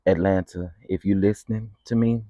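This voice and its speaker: A man chatting on a casual morning livestream, greeting his viewers one by one in a playful, sing-song way. His voice sits low and warm. The sound is dry and close. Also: steady tone, moderate pace, no room sound. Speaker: livestream host. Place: outdoors in the morning.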